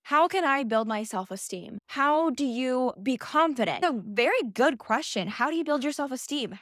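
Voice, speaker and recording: Young woman, vlogger, fairly high voice, blunt and emphatic, swears freely, dry close sound. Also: fairly bright tone, dry recording. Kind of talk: casual motivational talk to camera.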